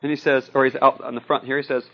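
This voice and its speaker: A man's voice: mid-range voice, level tone, fast talker, dull audio. A man giving a classroom lecture in a conversational way, often checking in with "okay?" and "see?".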